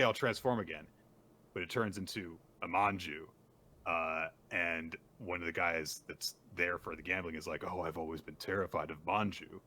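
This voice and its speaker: A man co-hosting a podcast, casually recapping manga chapters with plenty of fillers and lively voiced quotes. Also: low voice. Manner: animated retelling with lots of fillers and quick voiced quotes. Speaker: podcast co-host.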